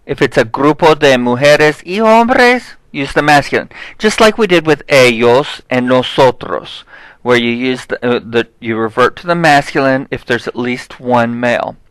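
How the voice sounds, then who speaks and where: A man teaching a Spanish lesson, explaining grammar step by step and checking in with "okay?", saying example words slowly. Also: medium pitch, lively intonation, fairly bright tone, clean tone, no echo, poor audio. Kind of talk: recorded classroom lesson.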